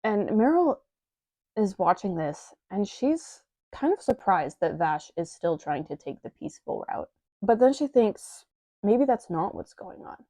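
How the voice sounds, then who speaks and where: A woman's voice: medium pitch, big pitch swings, measured pace, mellow, dry recording. A young woman reviewing a manga in a chatty, wry manner with playful asides, reading from a script.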